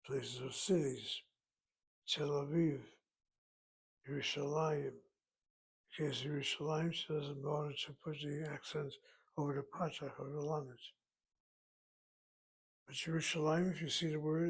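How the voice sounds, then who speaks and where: A man with a gravelly, husky voice pitched a little above the usual teaches Hebrew grammar. He talks slowly and methodically and thinks aloud as he works through each word. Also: rough recording. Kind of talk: recorded Hebrew grammar lesson.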